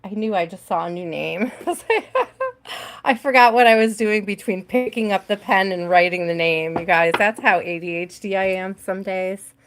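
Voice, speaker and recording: A woman's voice: mid-range voice, normal speed, a bit bright. Woman, chatty tarot host: casual, easygoing live-stream talk with frequent laughter, mid-range voice, calls out to viewers. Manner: chatty, laughs often, talks to viewers by name.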